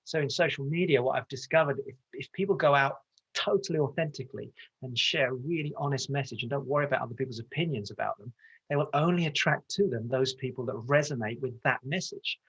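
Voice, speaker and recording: A man's voice: mid-range voice, fairly bright tone, breathy edge, dull audio. A male transformational coach from the UK, talking passionately and getting carried away as a podcast guest over a video call. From United Kingdom. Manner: passionate, gets carried away, talks fast. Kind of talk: motivational interview talk.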